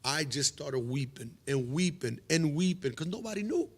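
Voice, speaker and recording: A man in his fifties, a pastor telling a personal testimony, animated and acting out dialogue, with frequent hesitations. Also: a little high, moderate pace.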